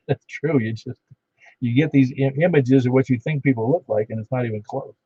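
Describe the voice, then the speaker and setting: A man's voice: mid-range voice, moderate pace, warm tone, husky, dry recording. A man running an amateur radio net, chatting casually with callers and reading out call signs in a folksy way. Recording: dull lo-fi radio audio.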